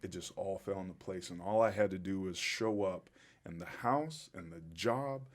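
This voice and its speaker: Low-voiced man telling his story. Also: moderate pace. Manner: reflective, heartfelt, openly emotional. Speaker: podcast guest, former pro football player. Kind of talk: interview storytelling.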